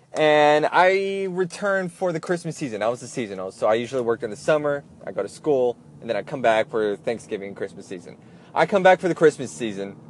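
A man's voice: mid-range voice, a little mellow. Young man telling a rambling story. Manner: rambling, acts out others' voices in quotes. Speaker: former airline gate agent. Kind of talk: casual storytelling.

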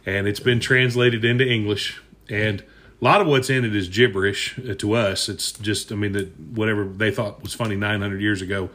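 A man's voice: lowish voice, steady tone, moderate pace, a bit bright. A man telling old jokes in casual chat, folksy and chuckling as he goes.

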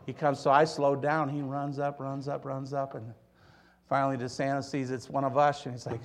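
A man preaching a sermon to his church, telling stories and swinging from loud emphasis to hushed, quiet lines. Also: mid-range voice, level tone, moderate pace. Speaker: pastor.

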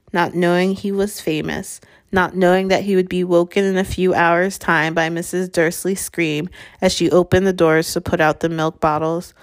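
A woman narrating a chapter of a storybook in a measured, steady way. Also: lowish voice. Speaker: audiobook reader.

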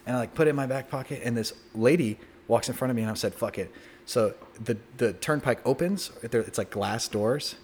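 Fast-talking young man telling a rowdy story. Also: medium pitch, slight background noise. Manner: animated, swears freely, acts out quoted voices. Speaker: podcast guest. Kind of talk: casual storytelling.

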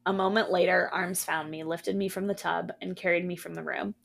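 A woman podcast co-host reading a horror story aloud in a hushed, steady manner. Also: fairly low pitch, a little fast, creaky.

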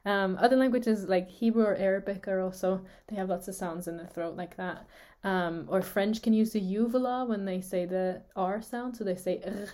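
A woman, Swiss German her first language, co-hosts a relaxed podcast lesson on speech sounds. Her pitch sits mid-range for a woman. She explains step by step, voices each sound she describes and laughs easily. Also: moderate pace, few pauses. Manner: explanatory, demonstrates sounds aloud, laughs often. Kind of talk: podcast lesson, casual chat.

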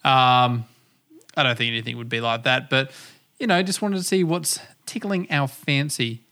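A young man hosting a casual music podcast, chatty and animated, swearing and laughing easily. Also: mid-range voice, moderate pace. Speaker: podcast host.

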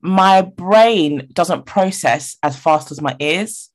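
A woman's voice: lowish voice, expressive, slow pace. A woman in casual podcast chat, candid and self-deprecating, telling stories with animation. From Ghanaian family.

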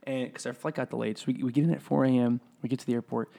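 A young man from Minnesota, a podcast co-host telling animated stories in casual chat and mimicking people. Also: mid-range voice, very fast, creaky.

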